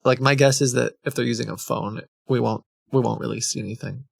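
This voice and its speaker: A man's voice: mid-range voice, steady tone, fairly quick, creaky, husky, dry recording. A man hosting a stream, chatting casually in a rambling, self-interrupting way and laughing at himself. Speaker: streamer host. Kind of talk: casual chat.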